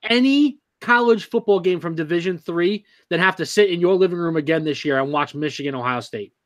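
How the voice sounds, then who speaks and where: High-voiced joking male co-host. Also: fairly quick. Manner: joking, laughs often, teasing. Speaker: podcast co-host. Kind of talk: casual podcast chat.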